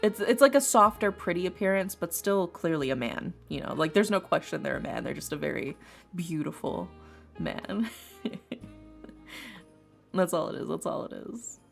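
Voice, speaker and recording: An animated but unhurried woman with a low, gravelly voice streams tarot readings from home in casual chat. She rambles, laughs often and repeats herself against faint lofi music.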